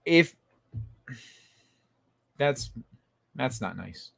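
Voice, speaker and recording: A man with a mid-range, expressive voice, drawn-out words, and vocal fry hosts a casual livestream. He rambles through tangents with frequent fillers, reads chat comments aloud, laughs often, and curses freely. The audio has no echo.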